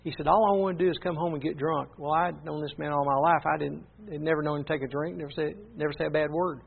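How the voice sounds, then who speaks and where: Man, preacher, sermon storytelling, gravelly, breathy, sounds like a phone line. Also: on the high side, fairly even intonation, fast. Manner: earnest retelling, repeating "he said" often.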